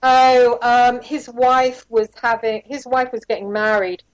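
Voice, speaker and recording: A woman's voice: fairly high pitch, level tone, unhurried, no room sound, low-quality recording. A woman being interviewed, candidly telling a rambling personal story with asides and quoted dialogue. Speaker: interview guest, former private investigator.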